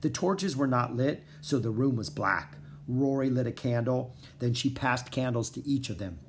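A man reads a children's storybook aloud with a lively, swinging delivery. His voice sits at a middle pitch and he leans into the drama of each scene. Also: normal speed, a little hiss or hum. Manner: expressive, dramatic reading. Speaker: audiobook narrator. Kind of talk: storybook narration.

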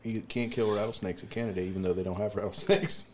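A man hosting a casual studio podcast, chatty, stammering and quick to laugh. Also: lowish voice, fairly even intonation, a crowd in the background. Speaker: podcast host.

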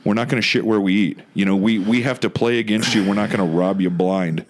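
A man's voice: fairly low pitch, steady tone, fast talker, a little hiss or hum. A man hosting a casual chat, rambling and swearing, acting out little quoted exchanges.

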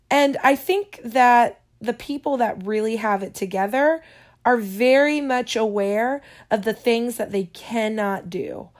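Woman, unhurried, casual and digressive advice-giving vlogger. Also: on the high side, lively intonation. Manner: chatty, digressive, yawning often.

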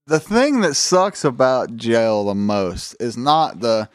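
A man's voice: mid-range voice, big pitch swings, measured pace, hardly any pauses, clear, resonant tone, no echo, studio quality. A man telling a rambling, profane story on a casual podcast, acting out the voices of people in it. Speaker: podcast host.

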